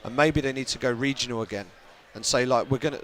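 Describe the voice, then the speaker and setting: A man's voice: medium pitch, fast, slight background noise. A man from the UK, a journalist guest in a casual podcast chat, talking thoughtfully and often restarting his phrases.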